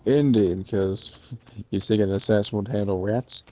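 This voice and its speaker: A man co-hosting a game stream, dropping dry jokes and quick one-liners in casual chat. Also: fairly low pitch, steady tone. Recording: faint game music behind.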